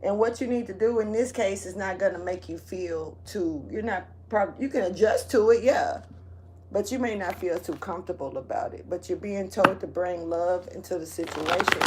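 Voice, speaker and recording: A woman's voice: fairly low pitch, moderate pace, background noise. Laid-back rambling woman tarot reader. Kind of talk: casual monthly astrology reading.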